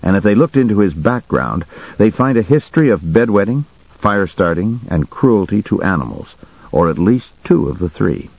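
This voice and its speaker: Low guy narrating his own story, husky, pitch moves around a lot, even and matter-of-fact. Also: moderate pace, no echo, low-quality recording. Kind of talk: first-person audiobook narration.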